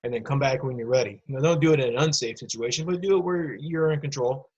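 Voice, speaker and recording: A man with a slightly husky voice teaches a recorded lesson for students. His pitch sits in the middle for a man. He explains step by step and speaks straight to the kids into a computer mic. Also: fast talker, a little mellow, highs cut off. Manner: patient, explanatory, addresses kids directly.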